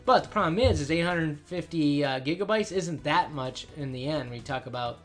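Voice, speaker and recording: A man's voice: fairly high pitch, expressive, brisk, fairly bright tone, faint music behind. A man hosting a casual gaming podcast, rambling with many fillers and restarts. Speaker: podcast host.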